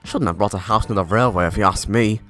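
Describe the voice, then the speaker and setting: A man's voice: fairly low pitch, fast, fairly bright tone, soft background music, pitched below the performer's own voice, close to an everyday voice. A man voicing a mountain engine who speaks in a dry, disapproving way, in a storybook tale. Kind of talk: storybook character voice.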